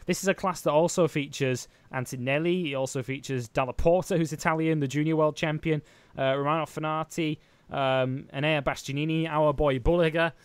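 A man talks racing with his co-hosts in a quick, teasing patter. His voice sits a little high for a man, and the sound is dry and close with no room around it. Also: steady tone, clear, resonant tone, dry recording. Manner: fast, chatty, teasing. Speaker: podcast co-host. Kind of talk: casual motorsport chat.

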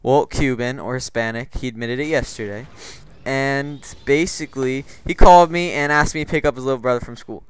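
A man's voice: mid-range voice, a little fast, few pauses, clean tone, poor audio. A man hosting a gaming channel, telling rambling, profane stories in casual gameplay commentary, full of "like" and restarts. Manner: rambling, profane, filler-heavy.

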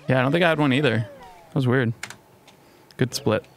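A young man giving casual, profane, excitable commentary while streaming a game. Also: mid-range voice, normal speed, creaky, soft background music.

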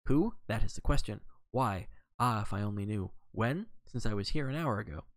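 A man voicing a fussy, excitable little male detective, reading him aloud with agitated exclamations. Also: on the low side, moderate pace, no room sound, clean studio sound. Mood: clipped.

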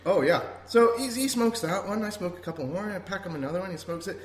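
Laughing a lot and cursing without restraint, this male podcast host tells a loose, meandering story. His voice is high-pitched and fast, carried on a recording with a roomy echo.

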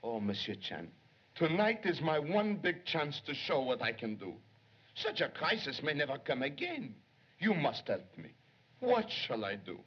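An actor playing an excitable young male police secretary who longs to be a detective, in 1930s film acting, jumpy and pleading. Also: fairly high pitch, a little slow, breathy edge, full character voice. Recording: dull 1930s film soundtrack.

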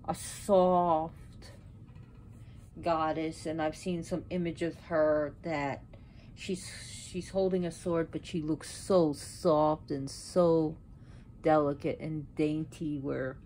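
A woman's voice: low-pitched, steady tone, takes it slowly, darkish tone, a little hiss or hum. A woman hosting her own channel, talking casually about mythology while setting up an altar at home, rambling and correcting herself as she goes. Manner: rambling, self-correcting, with sudden outbursts. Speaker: pagan video host.

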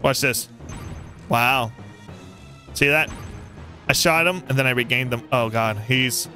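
A young man giving let's play commentary on a boss fight, excitable and taunting the enemy. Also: medium pitch, slow, soft background music. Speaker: gaming YouTuber.

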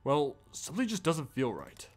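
A man's voice: on the high side, huge pitch swings, normal speed, faint music behind. A man voicing an earnest, friendly male cyborg superhero as he reads game dialogue aloud, stumbling over a few words.

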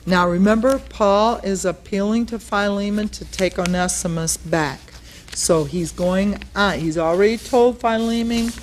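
A woman's voice: mid-range voice, measured pace, a little hiss or hum. A woman pastor leading a Bible study in a casual, conversational teaching style, explaining word meanings and acting out the quotes she reads. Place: studio.

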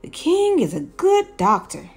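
A kind, concerned fox doctor from a children's storybook, voiced by a woman reading aloud. It asks after others in a raised, caring tone, with a lively lilt. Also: sits high, unhurried, faint music behind, pitched above the performer's own voice, full character voice.

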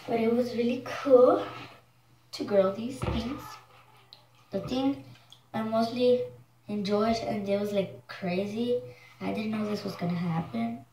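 A woman chatting casually to her viewers in a vlog, excitable and quick to exclaim in disgust. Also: on the high side, roomy sound, far from the mic, a little hiss or hum, rough recording. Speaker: vlogger.

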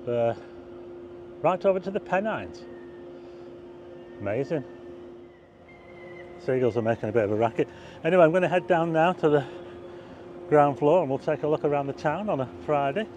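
At night, a male vlogger narrates a chatty, wandering walking tour from a car park roof and along town streets, showing viewers things as he goes. His voice is on the high side and darkish, the highs cut off, with slight background noise.

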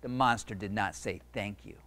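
A man's voice: on the low side, normal speed, fairly bright tone. A man who is an author and illustrator, chatting casually to a library audience and reading his own picture book aloud, often breaking off to ad-lib. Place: public library event.

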